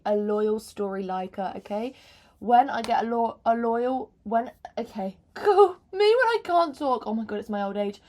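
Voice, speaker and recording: A woman's voice: on the high side, darkish tone. A woman in her twenties talking casually to camera from her bedroom floor as a book vlogger, rambling, joking at her own expense and swearing freely. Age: 20s. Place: bedroom floor, hot room.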